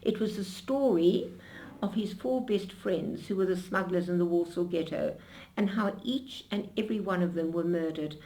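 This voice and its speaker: Older lady in an interview, lively storyteller, trips over her words and restarts a lot. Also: fairly low pitch, moderate pace. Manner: animated storyteller with frequent restarts.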